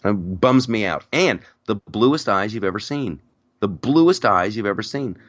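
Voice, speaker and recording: A man with a low voice hosts a casual podcast chat, rambling through stories with lively energy and frequent restarts. The recording is dry, with no room echo, and slightly dull. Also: unhurried. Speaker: podcast host.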